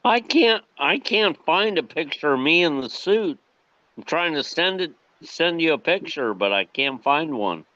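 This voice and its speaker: A man chatting casually on a video call in a laid-back, slow drawl. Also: a little high, expressive, sharp tone, dry recording, muffled recording.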